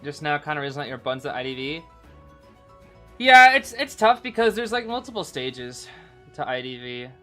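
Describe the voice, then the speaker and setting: A man streaming a casual gameplay recap who is excitable, repeats his words and keeps calling his listeners bro. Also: on the high side, moderate pace, soft background music. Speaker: game streamer.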